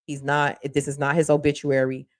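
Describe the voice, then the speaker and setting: A woman hosting a casual live-stream talk show, chatty and folksy, laughing often as she gives shout-outs to her viewers. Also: low voice, monotone, fairly quick. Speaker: host of a local news livestream.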